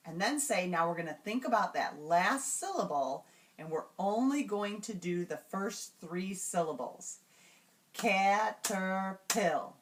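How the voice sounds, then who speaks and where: A woman demonstrating classroom reading routines, sounding out words patiently and slowly. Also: fairly low pitch, fairly bright tone. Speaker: teacher trainer. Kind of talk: instructional demonstration.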